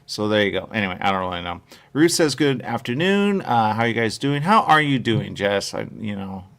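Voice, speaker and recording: A man's voice: on the low side, very animated, fairly quick, vocal fry, a bit bright. A man hosting a live radio show, rambling casually, reading viewer comments and repeating himself often. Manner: rambling, repeats "there you go", reads chat comments aloud.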